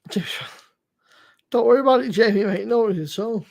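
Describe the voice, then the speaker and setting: A man's voice: high-pitched, normal speed, vocal fry, darkish tone, dull audio. A middle-aged man hosting a casual livestream, chatting with loose, sweary banter and frequent laughs. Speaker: livestream host. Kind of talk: casual chat.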